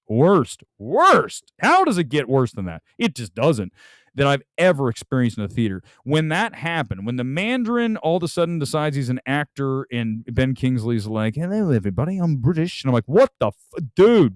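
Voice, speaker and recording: A male film host chats on a live stream in an animated, opinionated way, often circling back to fix what he just said. His voice sits in a middle pitch. The sound is dry and close, with no room behind it. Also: no room sound. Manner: animated, opinionated, rambling with self-corrections. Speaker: film talk show host. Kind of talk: casual live-stream chat.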